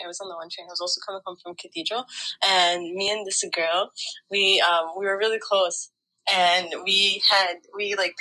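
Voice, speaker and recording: A woman tells a personal story in an easy, chatty way, leaning on "like" often. Her voice is bright and forward. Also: medium pitch, poor audio. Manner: chatty, lots of "like". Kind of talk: casual spoken storytelling.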